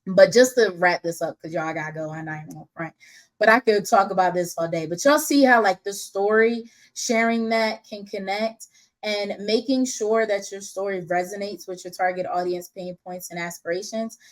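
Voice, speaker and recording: Lively, laughing woman business coach. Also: medium pitch, moderate pace, rough recording. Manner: lively, laughs often, slangy and candid. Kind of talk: casual unscripted teaching.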